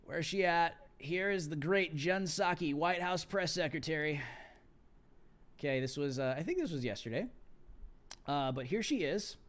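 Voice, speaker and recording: A man's voice: a little high, moderate pace, a bit bright. A man hosting a live political commentary stream, ranting with mocking sarcasm and laughing at his own jokes.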